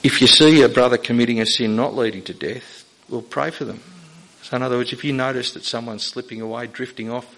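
A man delivering a sermon from the pulpit. He speaks earnestly at a middle pitch, pressing his listeners with rising, emphatic questions. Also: a bit bright, rough recording. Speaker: pastor.

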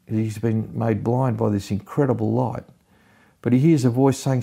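A man giving an expository Bible teaching, retelling scripture in a measured, explanatory way. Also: mid-range voice, steady tone, creaky, dark tone, husky.

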